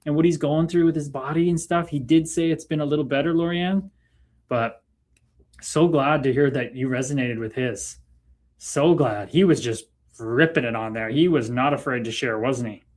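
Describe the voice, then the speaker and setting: A man's voice: mid-range voice, moderate pace. A man with a Canadian accent hosting a casual livestream, chatting loosely with viewers and laughing often. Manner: laid-back, chatty, laughs often, talks to viewers by name. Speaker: livestream host. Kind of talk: casual livestream chat reading comments.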